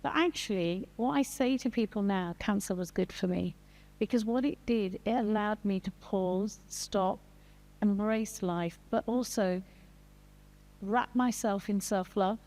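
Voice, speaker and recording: A woman's voice: medium pitch, unhurried, a little mellow. An older woman, a grandmother, speaking in a heartfelt way as a guest on a panel. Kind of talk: panel discussion. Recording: long hall reverb.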